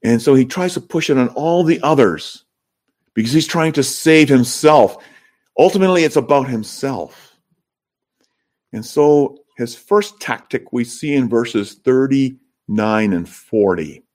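A man's voice: mid-range voice, expressive, unhurried, a little mellow. A man preaching a sermon as pastor, earnest and emphatic, lifting his voice when he acts out the crowds. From Canada.

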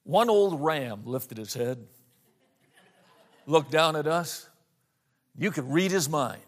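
High-voiced man telling a sermon story. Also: lively intonation. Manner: storytelling, slows down for emphasis on scripture. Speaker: pastor.

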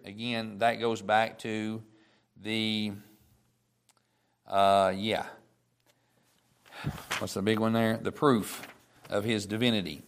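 A man teaching a Bible study lesson, reading verses slowly and deliberately, then explaining in a casual way with fillers. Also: lowish voice, gravelly.

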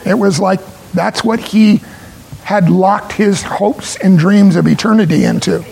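A pastor delivers an earnest sermon and leans hard on key words. His voice sits high for a man, with a gravelly, husky edge. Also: a little mellow, poor audio. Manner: earnest, emphatic preaching with pauses.

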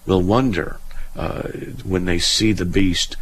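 A man's voice: deep voice, steady tone, takes it slowly, a bit bright, slight background noise, poor audio. A man hosting a call-in Bible question show, reading verses aloud and explaining them step by step with a dry sense of humor. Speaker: radio Bible Q&A host. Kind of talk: call-in radio answering a caller.

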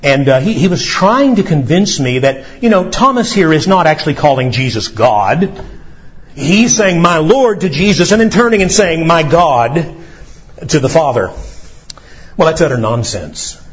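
A man preaching a sermon as pastor, reading scripture with emphatic pauses and a lively delivery. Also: on the high side, dull audio.

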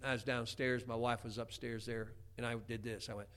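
A man's voice: mid-range voice, flat delivery, moderate pace, a bit bright, clear, resonant tone. A middle-aged man preaching a homespun sermon, chatty, with many stammered restarts. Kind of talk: folksy sermon.

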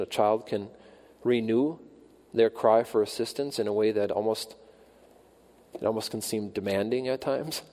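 A man preaching a sermon, rising and slowing for emphasis when he voices the psalmist's cries. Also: darkish tone, big-room sound. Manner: rises in pitch and volume when quoting the psalmist's cries, slows for emphasis. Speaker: pastor.

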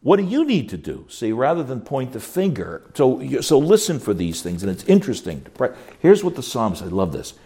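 Male pastor-teacher, mid-pitched, very expressive lecturer who stumbles and repeats words as he talks. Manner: animated, repeats words while searching for phrasing; reads scripture aloud slowly. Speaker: pastor teaching a counseling class. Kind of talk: classroom lecture.

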